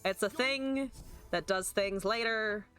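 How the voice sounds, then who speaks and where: A woman's voice: medium pitch, slow pace, fairly bright tone, clean tone, soft background music. A woman streamer chatting casually and joking at her own expense while she plays a card game, swearing now and then. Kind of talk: casual gameplay commentary.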